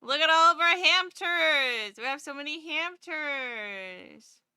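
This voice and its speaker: A woman's voice: sits high, animated, slow pace, pushed and bright, no echo, clean studio sound. A woman streaming live and chatting casually with her viewers in a bubbly, gushing way. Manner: bubbly, chatty, gushing over cute things.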